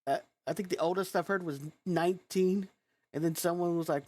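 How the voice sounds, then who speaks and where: A woman's voice: lowish voice, steady tone, normal speed, darkish tone. A woman vlogger with a youthful-sounding voice, ranting in a frustrated, blunt and profane way. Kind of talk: angry reaction rant.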